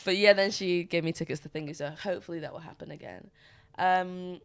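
A woman's voice: on the low side, fairly quick, vocal fry. A young woman, chatting casually as a podcast co-host and telling stories with frequent laughter. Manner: chatty storyteller, laughs often. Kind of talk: casual chat.

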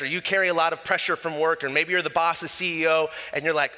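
A man preaching a sermon as pastor, lively and dramatic, dropping from loud to quiet. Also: a little high, a little fast. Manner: animated preaching, acting out voices, swings from loud to quiet. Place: church hall. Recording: long reverb of a church hall.

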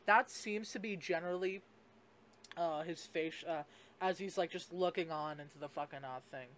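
A man's voice: on the high side, normal speed, fairly bright tone, a little hiss or hum. A young man hosting a casual solo podcast, rambling and swearing, with lots of fillers and restarts. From Canada. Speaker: podcast host.

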